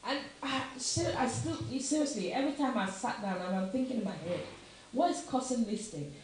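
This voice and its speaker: A woman's voice: on the high side, animated, brisk. A middle-aged Nigerian woman with a Nigerian accent, giving an impassioned opinion talk with emphatic repeated questions. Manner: emphatic, repeats questions, slips into Yoruba phrases. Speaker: commentator. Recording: very echoey room, faint noise.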